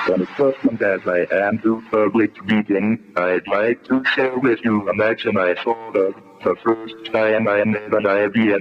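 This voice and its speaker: A computer speech synthesizer with a male voice, playing a proud talking computer giving a stiff, formal introduction. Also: lowish voice. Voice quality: flat robotic speech synthesis. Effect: text-to-speech synthesizer. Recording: muffled old archival recording with noise.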